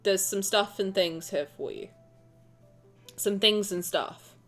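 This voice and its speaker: A young woman streaming live, chatting casually with her viewers in an excitable, exclamatory way, swearing now and then and sounding close to tears. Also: medium pitch, takes it slowly. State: emotional, near tears. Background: faint music.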